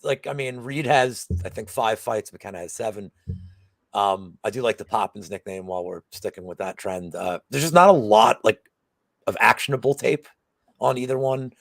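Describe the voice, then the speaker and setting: A man's voice: on the low side, normal speed, vocal fry, no echo. A man co-hosting a betting show in casual chat, rambling with lots of fillers and restarts.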